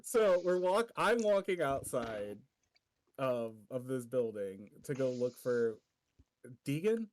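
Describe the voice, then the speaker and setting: Slow, lively-pitched game player. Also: male voice, a little hiss or hum. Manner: hesitant, questioning.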